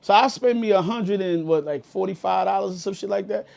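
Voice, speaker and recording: A man with a New York accent co-hosting a podcast, telling a story in a loud, animated, profane way. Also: high-pitched, a little fast, creaky. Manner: animated, profane, gets loud and heated retelling anecdotes. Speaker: podcast co-host. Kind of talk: casual podcast chat, storytelling.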